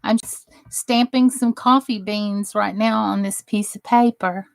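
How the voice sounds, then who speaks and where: A woman's voice: mid-range voice, fairly even intonation, a little slow, gravelly, no room sound. A woman from New Jersey hosting a crafting livestream, chatting casually and greeting viewers by name as she works. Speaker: crafting channel host.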